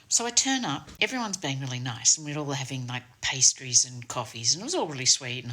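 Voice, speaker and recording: Sarcastic Australian storyteller, woman, bright edge to the voice, swears freely. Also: low voice, sing-song, a little fast. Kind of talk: casual anecdote.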